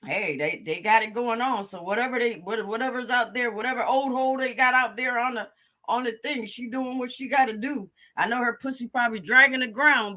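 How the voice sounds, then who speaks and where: A woman's voice: a little high, fairly quick, bright, forceful tone. A woman hosting a live stream, chatting casually and cracking crude jokes with frequent laughter. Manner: laughing, profane, joking commentary. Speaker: livestream host. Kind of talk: casual comedic chat.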